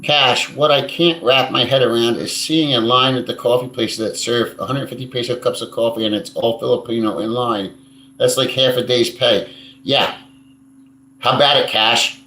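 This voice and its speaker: A man's voice: medium pitch, fairly even intonation, moderate pace, bright, forceful tone. A man hosting a casual live stream, answering viewer comments in a blunt, crude and rambling way, swearing freely. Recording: echoey room.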